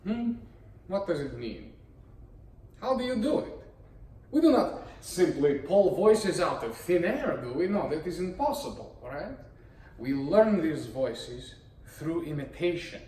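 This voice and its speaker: A man's voice: on the high side, sing-song, a little slow, dark tone. A man who performs voices gives an explanatory talk on voice acting, in a theatrical, playful manner full of rhetorical questions. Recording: echoey room, voice from a distance.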